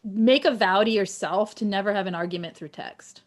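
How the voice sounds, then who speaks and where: A woman's voice: medium pitch, moderate pace. A woman giving emphatic advice in a casual live-stream chat, acting out quoted messages as she talks. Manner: emphatic, acts out quoted texts with stammers. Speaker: guest expert.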